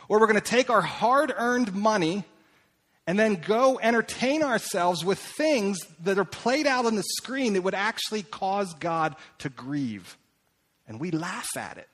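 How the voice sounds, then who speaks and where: A middle-aged man preaching as a pastor, asking questions again and again, shifting between emphatic and hushed. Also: sits high, expressive, a little slow. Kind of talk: sermon.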